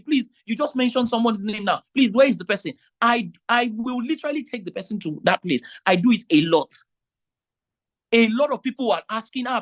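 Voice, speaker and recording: A man's voice: sits high, a bit bright. A man, an event MC talking to vendors in a meeting, emphatic and pleading, often repeating himself. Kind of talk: meeting talk.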